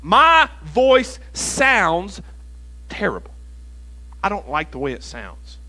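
A man preaching a sermon as associate pastor in a church, emphatic and repetitive, dropping to quiet asides. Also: high-pitched, huge pitch swings, takes it slowly.

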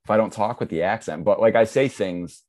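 A young man from Massachusetts with a mild local accent, talking as a podcast guest. His voice sits very low and deep. He rambles in a laid-back way, full of fillers. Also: a little fast, darkish tone. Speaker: guest, TikTok creator. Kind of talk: casual chat.

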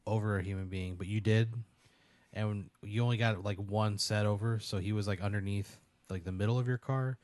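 A man hosting a podcast, telling an absurd story in a rambling, deadpan way with many fillers. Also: on the low side, a little fast, no room sound. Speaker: podcast host. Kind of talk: casual comedic storytelling.

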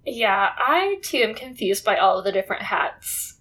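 A woman co-hosting a casual chat recapping a TV drama, telling the story in a relaxed way with frequent laughs. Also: medium pitch, moderate pace. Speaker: podcast co-host.

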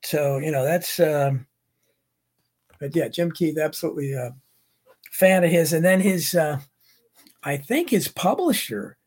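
A middle-aged American man talks casually on his livestream, drifting between viewer comments and stories. His voice is husky and sits a little high for a man. He restarts sentences often and wanders off on asides. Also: expressive, a little slow, long pauses, darkish tone. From United States. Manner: rambling, many restarts and asides. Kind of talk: casual rambling chat.

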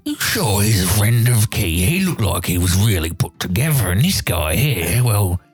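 A man's voice: lowish voice, sing-song, moderate pace, slightly rough, faint music behind. A man voicing a burly male orc pit guard who is jokey and sly, in a tabletop game. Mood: mocking.

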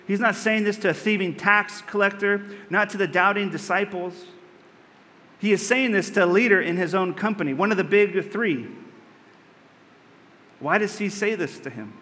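High-voiced man preaching in a reverberant hall. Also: fairly bright tone. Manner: earnest, conversational preaching with rhetorical questions. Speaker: pastor. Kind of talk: sermon.

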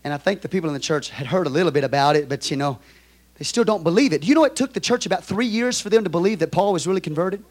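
A man with a Texan accent preaching a sermon as pastor, moving from quiet storytelling to loud, shouted exhortation. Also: high-pitched, animated, racing.

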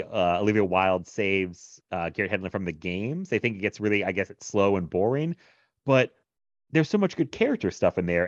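A man's voice: fairly low pitch, no echo. A man in casual film discussion, talking in a rambling, enthusiastic way and laughing often. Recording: dull lo-fi sound.

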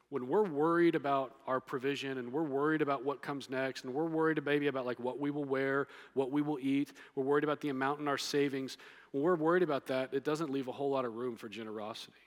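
A pastor, a man, preaching in a relaxed, joking way that turns earnest, repeating his key points for emphasis. His voice has an ordinary middle pitch. It rings out with the long reverb of a large church hall. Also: brisk. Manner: playful, conversational preaching with emphatic repetition. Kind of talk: sermon. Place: church sanctuary.

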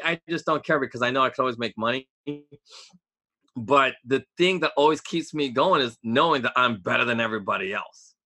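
A man's voice: medium pitch, bright, forceful tone. A man in casual podcast chat, opinionated and ranting, with sarcastic asides.

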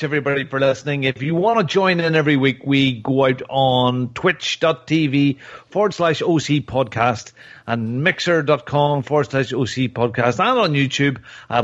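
Male podcast host, slightly high voice, dull lo-fi sound, upbeat delivery. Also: a bit bright. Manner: enthusiastic, upbeat. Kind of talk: casual podcast sign-off.

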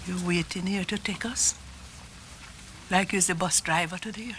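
A woman's voice: fairly low pitch, fairly even intonation, normal speed, background noise, lightly acted. An actress playing an elderly Jamaican woman who bluntly questions a stranger she fears is a demon. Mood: suspicious. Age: older. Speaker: hospital patient in a film clip.

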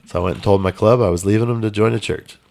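A man's voice: lowish voice, steady tone, fast talker, creaky, darkish tone. A man telling a personal story in a casual interview, blunt and emphatic with some swearing. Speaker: podcast guest.

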